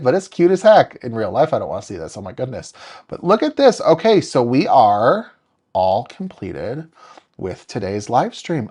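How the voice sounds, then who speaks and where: With a mid-range, darkish voice that swings widely in pitch, he moves at a moderate pace. He's a young card-making tutorial host on a live stream, upbeat and chatty, naming viewers as he goes.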